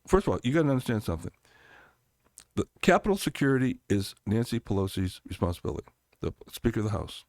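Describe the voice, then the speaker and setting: A man's voice: fairly low pitch, animated, fairly quick, a little mellow, no room sound, clean studio sound. A middle-aged man, a congressional candidate, talking emphatically in an interview and telling stories with quoted voices. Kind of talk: animated political interview talk.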